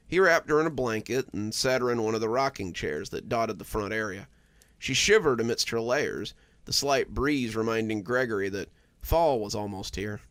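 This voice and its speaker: A man narrating a cozy horror story in a calm, measured storytelling voice. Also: mid-range voice, gravelly, no echo.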